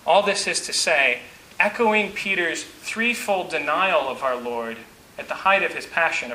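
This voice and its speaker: A man preaches a sermon with a bright, sharp, fairly high voice. He talks earnestly and in measured phrases, slowing right down on key words. The echoey church sound has a faint hiss under it. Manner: earnest, measured preaching with slow emphatic pauses. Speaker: pastor.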